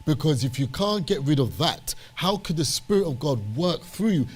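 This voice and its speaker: A man's voice: fairly high pitch, lively intonation, normal speed, hardly any pauses, breathy edge. A British man serving as a church elder, preaching with passion and repeating phrases for emphasis. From Britain.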